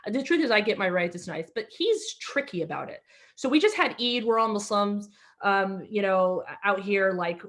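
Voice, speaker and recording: A woman born in Egypt, hosting an online comedy show over a video call, telling rambling stories with many fillers and restarts. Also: medium pitch. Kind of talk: stand-up storytelling between acts.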